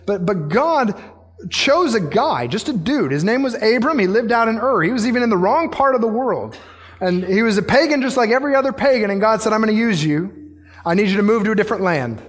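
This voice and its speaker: A man's voice: high-pitched, slightly rough. A male pastor preaching a sermon in a casual, slangy, conversational way. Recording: long hall reverb.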